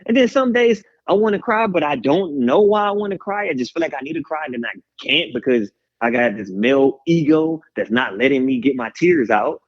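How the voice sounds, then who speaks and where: A man's voice: on the high side, brisk, few pauses. A man, talking openly and energetically as a guest, ranting and hyping people up. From Houston, Texas. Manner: animated, rambling, hype-man energy. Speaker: guest musician. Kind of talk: candid interview talk. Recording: slightly dull lo-fi radio audio.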